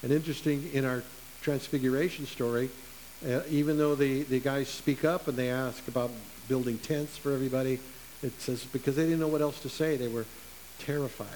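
A man preaching a sermon in an earnest way, slowing down to stress key words. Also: mid-range voice, fairly even intonation, darkish tone, low-quality recording. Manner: earnest, with slow emphatic stresses. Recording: faint hiss.

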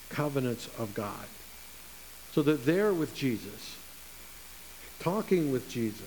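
A man's voice: fairly high pitch, a little mellow, low-quality recording. Earnest preacher man, faint hiss. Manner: earnest, with slow emphatic stresses. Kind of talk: sermon.

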